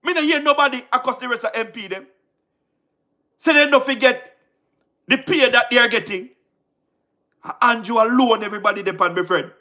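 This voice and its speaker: On a livestream, a Jamaican-accented man delivers fervent political commentary at normal speed in an extremely high, sharp-toned voice, leaving long pauses. He hammers points home repeatedly, poses rhetorical questions often, and laughs in between.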